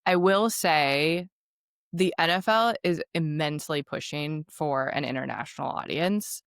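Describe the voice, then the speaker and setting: A young adult woman co-hosting a podcast in a casual, upbeat chat, quick with asides. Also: deep voice, clean tone, no room sound, clean studio sound. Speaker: podcast co-host.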